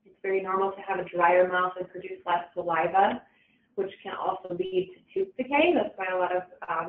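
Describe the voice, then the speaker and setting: Woman presenting over tinny echoey audio. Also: on the low side. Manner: casual, with frequent fillers and restarts. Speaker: webinar presenter. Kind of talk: informal educational presentation. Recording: echoey, distant, phone-like webinar audio.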